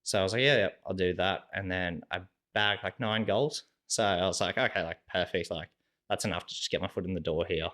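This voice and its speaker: A young Australian man, guesting on a podcast, speaks briskly in a low voice. He tells casual stories, acting out quoted dialogue in a relaxed, animated way, and says "like" in nearly every sentence.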